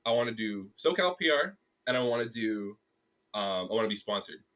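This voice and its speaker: A man's voice: on the low side, fairly quick. A young man, a graphic artist guest on a podcast, telling a story in casual chat with lots of fillers and acted-out quotes. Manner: animated storytelling, acts out quotes, many fillers.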